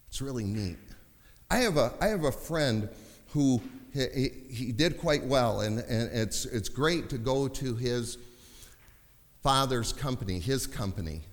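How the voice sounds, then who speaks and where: A man preaching a sermon, passionate and building to shouts at times. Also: mid-range voice, animated, unhurried. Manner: impassioned, rising to shouting. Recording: long hall reverb.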